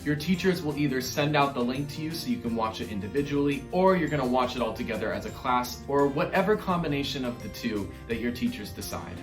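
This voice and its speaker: A man's voice: mid-range voice, lively intonation, fast talker, few pauses. A man teaching an online music lesson to young children, upbeat and encouraging as he speaks straight to the kids. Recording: roomy echo with faint music.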